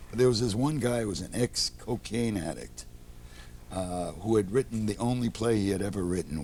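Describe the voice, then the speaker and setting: A man with a lowish voice, guest on a talk program, telling relaxed stories in an animated way. He slips into the voices of the people he quotes. There is a faint hiss behind him. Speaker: interview guest, theater producer. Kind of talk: relaxed anecdotal storytelling.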